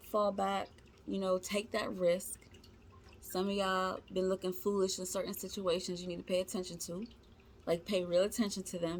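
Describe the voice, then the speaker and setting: A woman with a lowish voice gives a casual tarot reading. She talks to her viewers as "y'all" in chatty, informal slang, reassuring and encouraging them. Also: gravelly, slight background noise. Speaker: tarot reader.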